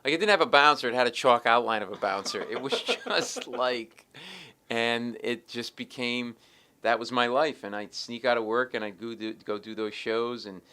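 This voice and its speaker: A middle-aged man, a comedian telling animated stories in an interview and acting out the people in them. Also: medium pitch, a little hiss or hum. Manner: acts out the other people in his stories, quick and lively. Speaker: stand-up comedian, interview guest.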